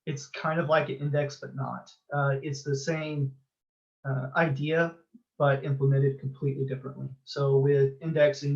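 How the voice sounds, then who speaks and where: A man presenting a technical talk at a user group meeting, talking in a halting way with many filler sounds. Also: medium pitch, highs cut off.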